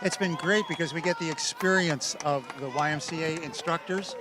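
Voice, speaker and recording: A man's voice: fairly high pitch, normal speed, a crowd in the background. A man giving live commentary on a street parade outdoors, reacting eagerly to what passes. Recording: noisy outdoor street recording.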